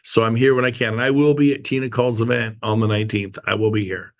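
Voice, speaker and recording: A man's voice: medium pitch, fast. Middle-aged man, meeting leader, rambling, joking, casual talk. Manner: rambling, joking, animated storytelling. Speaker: speaker leading a team meeting.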